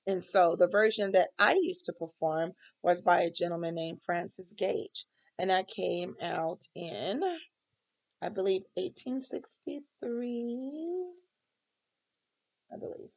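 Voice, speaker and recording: Woman student doing a recorded reflection, lots of ums, gravelly, muffled lo-fi audio. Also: lowish voice, slow pace. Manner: hesitant, many ums.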